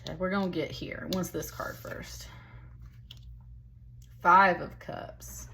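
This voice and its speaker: A woman's voice: on the low side, steady tone, takes it slowly, gravelly, bright, forceful tone, a little hiss or hum. Chatty woman giving a tarot reading. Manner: chatty, emphatic, calls the listener honey and baby. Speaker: tarot reader.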